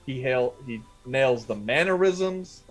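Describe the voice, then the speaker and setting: A man running a tabletop game as game master, describing scenes in a relaxed, easygoing way. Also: medium pitch, takes it slowly, soft background music, rough recording.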